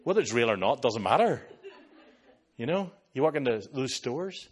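A man with an Irish accent, a pastor preaching a sermon and telling stories in an animated way, slipping into other people's voices. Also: mid-range voice, moderate pace, slightly rough. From Ireland.

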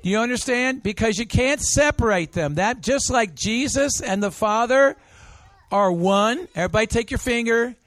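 A man preaching an interactive sermon, coaxing the congregation into call-and-response with slow, emphatic phrases. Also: very high voice, lively intonation, a bit bright, dry recording. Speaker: pastor.

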